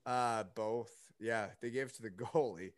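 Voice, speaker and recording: A man's voice: mid-range voice, normal speed, no room sound, studio quality. A young man telling a story in casual chat, rambling with lots of fillers and asides. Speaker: podcast guest.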